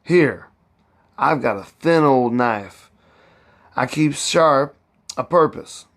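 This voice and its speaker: A man with an expressive, fairly bright mid-range voice reads aloud slowly, voicing a proud, fussy older woman cook. In heavy old Southern dialect, she boastfully scolds and brags.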